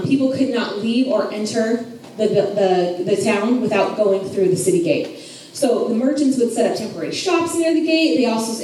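A Bible study teacher with a warm, medium-pitched voice gives a chatty, casual lesson, joking and laughing at herself. She's recorded from a distance in an echoey room with faint noise.

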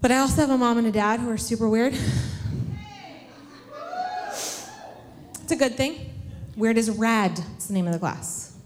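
A woman's voice: a little high, a little slow, long pauses, a little hiss or hum. A woman in her thirties teaching a church class, telling funny family stories in a chatty, self-deprecating way and asking her audience questions into a handheld mic. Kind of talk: casual storytelling talk to a church class. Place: large hall with an audience. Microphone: handheld microphone. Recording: long hall reverb.

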